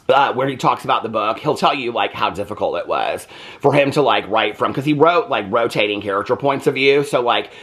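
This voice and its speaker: A man's voice: medium pitch, a bit bright, slightly rough. An American man reviewing books in a casual, chatty way, often breaking into laughter. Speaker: book reviewer. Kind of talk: casual chat.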